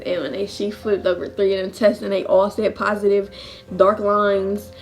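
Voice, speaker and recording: A woman in her early twenties shares a personal story in a casual vlog, speaking at normal speed with a medium-pitched voice and soft music playing behind her. She's animated, quoting others in character and laughing often.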